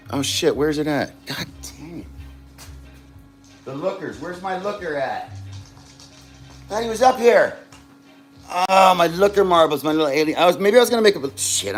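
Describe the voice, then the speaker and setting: A man's voice: mid-range voice, a bit bright. A man chatting casually and cursing as he demonstrates glassblowing live to viewers. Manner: rambling, profane, self-distracted. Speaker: glassblowing livestreamer.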